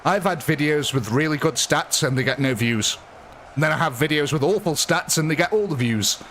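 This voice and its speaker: A man's voice: on the high side, expressive, fairly quick, a bit bright, slight background noise. A man chatting casually on a live gaming stream, rambling and laughing often.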